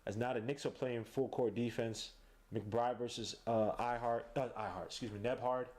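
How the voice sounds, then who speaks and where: A male podcast host gives live play-by-play commentary on a game he's watching, excitable and slangy, breaking into shouts at big plays. His voice is mid-range and his pace moderate.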